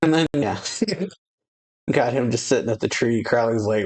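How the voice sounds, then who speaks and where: A man's voice: mid-range voice, a little slow, a little mellow. A man hosting an anime reaction channel, casually retelling a manga chapter in a rambling, chuckling way full of fillers.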